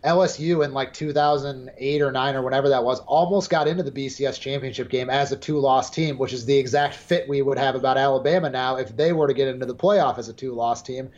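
A man's voice: mid-range voice, fast, few pauses, darkish tone. Confident young man on a dull, lo-fi line. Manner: confident, blunt, swears casually. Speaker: podcast co-host. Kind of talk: casual sports chat. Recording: dull lo-fi sound.

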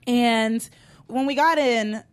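Animated young woman telling a profane story. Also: fairly high pitch, takes it slowly. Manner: animated, profane, acts out other people's voices. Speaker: podcast co-host. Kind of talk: live comedic storytelling. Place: live stage show before an audience.

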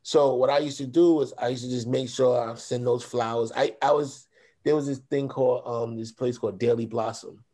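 A middle-aged man, a guest on an interview show, telling a personal story in a relaxed, slangy way. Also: mid-range voice, fairly quick. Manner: laid-back, slangy, animated when quoting others. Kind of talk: casual storytelling.

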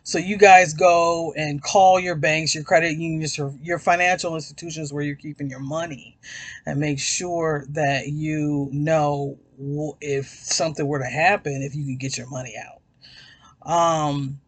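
A man's voice: on the high side, fairly even intonation, a little slow, dry recording. A man hosting his own podcast, talking in a rambling, casual way, swearing freely and addressing listeners as y'all. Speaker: podcast host. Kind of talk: casual chat.

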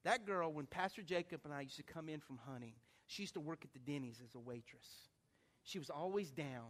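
A man preaching, a pastor telling a story in a lively, acted-out way to his church. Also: fairly high pitch, fairly quick. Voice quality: animated storyteller, acts out voices. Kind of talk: storytelling sermon.

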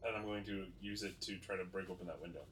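A man's voice: low-pitched, fairly even intonation, noisy background. A man playing in a tabletop game, bantering and cracking jokes. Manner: jokey, quick-witted banter. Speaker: player. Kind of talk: casual tabletop play.

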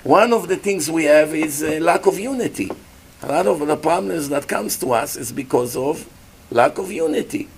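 Male rabbi, lively preacher, slightly higher voice, turns to the room with questions. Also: moderate pace, creaky, a little hiss or hum. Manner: animated preacher, acts out voices, asks the audience questions. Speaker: rabbi giving a Torah class. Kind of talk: sermon.

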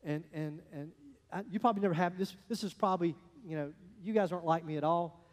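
A pastor preaching a sermon, telling stories in a folksy way, swinging between loud bursts and hushed asides. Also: male voice, a little high, quick pace. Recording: echoey hall, long reverb.

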